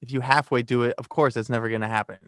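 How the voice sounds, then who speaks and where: A relaxed man chatting as a podcast guest, easygoing and quick to laugh. He slips into little impressions of people he talks about. His voice sits in a middle pitch and sounds dry, close and free of room echo. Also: smooth. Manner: laid-back, laughing, acts out quoted people. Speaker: singer-songwriter guest. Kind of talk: casual conversation. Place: New York.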